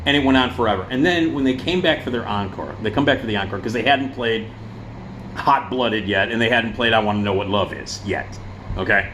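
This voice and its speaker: A man's voice: lowish voice, a little fast, a bit bright, slight background noise. Profane, sarcastic ranting man. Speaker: vlogger. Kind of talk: casual ranting commentary.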